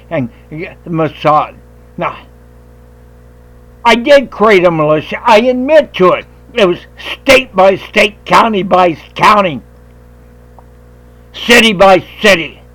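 A man hosting a talk radio show, ranting in a loud, combative and profane way. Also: high voice, rough recording. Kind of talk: heated talk radio rant.

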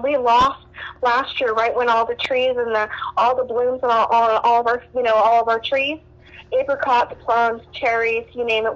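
A woman's voice: on the high side, highs cut off. A woman from Southern California calling in to a radio talk show, upset and rambling with many fillers and restarts. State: distressed. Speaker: caller.

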